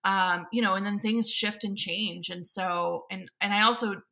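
Goofy woman with a gravelly edge. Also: medium pitch, steady tone, a little slow, bright, forceful tone. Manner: goofy, rambling, giggly. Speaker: guest and salon owner. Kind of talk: casual chat.

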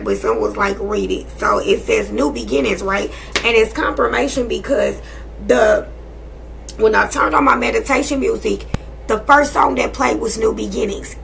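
Woman in her thirties, tarot reader, very gravelly voice, bright tone, blunt and profane, sassy casual chat. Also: fairly high pitch, a little hiss or hum. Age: 30s. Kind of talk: casual spiritual reading for viewers.

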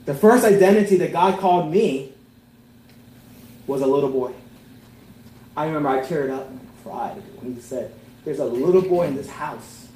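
A man preaching a sermon as pastor, earnest, swelling to emphatic peaks and then dropping to soft, tender lines. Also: on the high side, normal speed, pauses often, roomy sound, slight background noise, rough recording.

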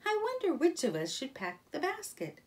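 A woman's voice: high-pitched, huge pitch swings, normal speed, recorded from a distance, voice pushed up, heavily acted. A woman voicing a friendly, easygoing male water rat with a cheerful, hospitable manner, in a children's storybook reading.

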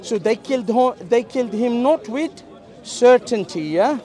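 A high-pitched man argues his case in an open-air debate in a public park. He explains patiently, interrupts often and runs through Arabic recitation fast, with a crowd murmuring faintly behind him. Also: animated, dark tone. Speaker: street debater.

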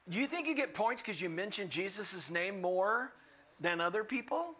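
An older man delivers a sermon with a bright, forceful tone. He preaches in an animated way, with humorous asides, and slips into the voices of the people he quotes. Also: high-pitched, normal speed. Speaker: guest preacher.

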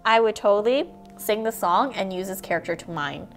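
A woman's voice: mid-range voice, normal speed, hardly any pauses, soft background music. A woman with a bubbly, playful manner, narrating a toy unboxing in a casual way. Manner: bubbly, playful, gasps and giggles.

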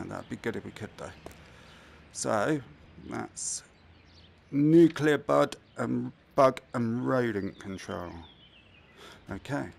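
A man's voice: medium pitch, gravelly. A man giving casual, chatty gameplay commentary; he swears freely and often mutters to himself. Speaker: gaming commentator.

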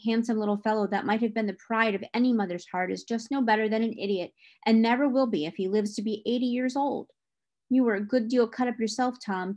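A woman reading the part of John, a stable groom who is upset and stern, her pitch rising when he grows indignant. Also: darkish tone, natural voice.

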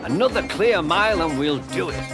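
A man voicing an urgent, shouting male train driver in a storybook reading. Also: a little high, lively intonation, moderate pace, music in the background, pitched above the performer's own voice. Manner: urgent, crying out.

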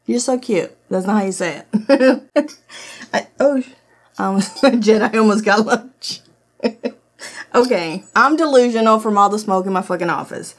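A woman with a medium-pitched voice speaks unhurriedly and pauses often as she runs her product review channel from her home office. A non-native English speaker, she addresses viewers directly, trying out a kitchen gadget with blunt, laughing, profanity-filled commentary.

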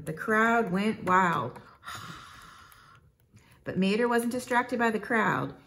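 Storybook narrator, woman, low, gravelly, measured. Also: expressive, fairly bright tone, slight background noise. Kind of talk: storybook read-aloud.

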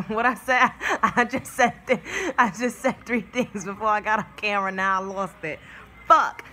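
Sassy, bright-voiced woman vlogger. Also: medium pitch, steady tone, normal speed, slight background noise. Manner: brash, sassy, swears freely and laughs mid-sentence. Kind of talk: casual talk to camera. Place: at home in a new place.

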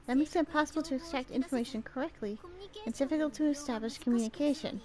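A woman's voice: sits high, fast, dark tone. A young woman streaming a game, reading its dialogue aloud in different voices and adding casual comments of her own. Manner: reads dialogue in several voices between casual asides.

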